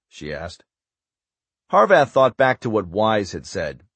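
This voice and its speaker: A man narrating a thriller audiobook in an even, subdued voice. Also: low voice, unhurried, no room sound.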